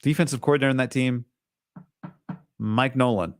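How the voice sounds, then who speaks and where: A man's voice: medium pitch, fairly even intonation, moderate pace, no echo, clean studio sound. A man hosting a sports talk show, reading listener comments and answering them with blunt opinions and sarcastic asides.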